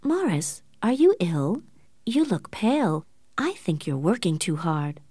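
A woman voicing an anxious young woman who pleads in a high, tearful voice. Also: big pitch swings, measured pace, warm tone, slightly rough, no echo, studio quality, full character voice. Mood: worried.

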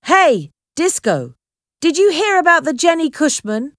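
A woman's voice: on the high side, very animated, normal speed, dry recording, studio quality. A woman voicing a male boat captain calling across the water from a nearby vessel, in a storybook reading.

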